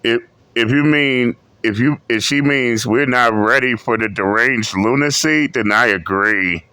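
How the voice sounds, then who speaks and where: A man's voice: mid-range voice, unhurried, pushed and bright, clean tone, no echo. A man giving blunt, profane, scornful reaction commentary. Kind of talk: mocking commentary.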